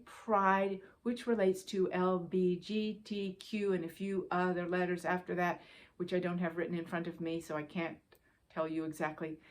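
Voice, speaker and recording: A woman spiritual teacher giving a gentle, reassuring guidance talk, speaking directly to her listeners and repeating key phrases for emphasis. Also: on the low side.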